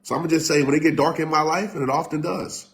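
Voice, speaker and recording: A man giving a live-streamed motivational talk, preaching emphatically, repeating his points and sometimes shouting. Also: a little high, quick pace. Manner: talks directly to live viewers. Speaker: motivational speaker.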